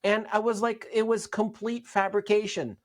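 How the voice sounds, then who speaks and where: A man's voice: high voice, level tone, moderate pace. A middle-aged man from Syria, telling his story as an interview guest, earnest and often repeating words as he restarts.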